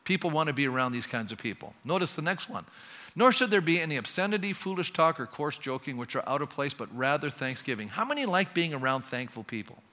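A male pastor preaching a sermon, often asking the congregation rhetorical questions in an emphatic, lively delivery. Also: on the high side, quick pace, big-room sound.

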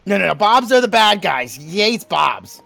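A player with a lively, swooping voice and a gravelly edge, cracking jokes at a tabletop game. They stammer and let sentences sink into low mumbles, with faint music behind. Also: moderate pace. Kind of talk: casual in-character banter.

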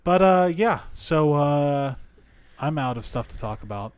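A man's voice: a little high, expressive, a little slow, clear, resonant tone. A man co-hosting a casual film podcast, teasing his friends and swearing offhandedly. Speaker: podcast co-host.

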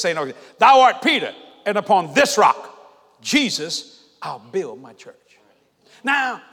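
A high-pitched man preaches a sermon in a church sanctuary. He drops to low murmurs, then climbs to shouted calls to the congregation. His voice rings through a hall with a long reverb tail.

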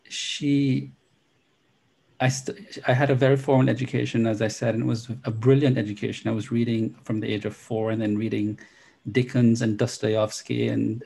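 A man's voice: mid-range voice, vocal fry, mellow, husky. A middle-aged man from Jamaica, telling his story as an interview guest in articulate, elaborate phrasing. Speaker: interview guest, philosophy professor.

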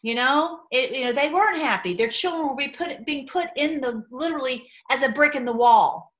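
Woman, Bible teacher, chatty and rambling, slightly high voice, acts out quotes. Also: brisk, a bit bright, low-quality recording.

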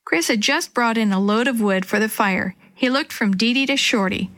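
A woman reading a children's storybook aloud in a gentle, even narration. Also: fairly high pitch, normal speed.

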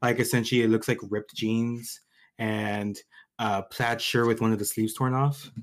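A man's voice: fairly low pitch, flat delivery, moderate pace. A man describing his tabletop character hesitantly, with many ums and likes. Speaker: guest player.

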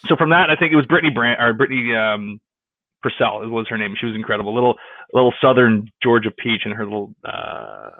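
A man talks through his career in a relaxed interview, circling back with restarts and acting out the people in his story. His voice comes through a narrow, tinny line with no room sound. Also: medium pitch, a little fast, dry recording. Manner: rambling, with many restarts and quoted dialogue. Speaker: real estate agent. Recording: tinny phone-like line, dry.

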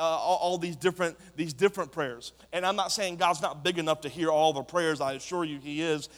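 A man preaching a sermon to a congregation, talking in a passionate way that builds to shouts. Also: on the high side. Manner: impassioned, rising to shouts. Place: church sanctuary. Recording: long hall reverb.

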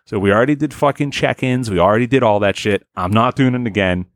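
A man hosting a casual podcast, ranting in an exasperated, profane, animated way. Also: fairly low pitch, fast talker, no echo. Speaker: podcast host.

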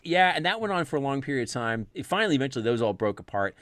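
A man's voice: mid-range voice, very animated, racing, fairly bright tone, dry recording, studio quality. A man casually telling a childhood story, laughing often and acting out the voices in quotes.

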